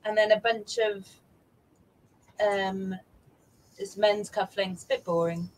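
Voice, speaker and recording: A woman's voice: mid-range voice, steady tone, slow, darkish tone, rough recording. A woman co-hosting a casual live stream, showing what she bought in a dry, jokey way. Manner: dry and jokey, lists items plainly. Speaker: livestream co-host showing purchases. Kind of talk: casual chat.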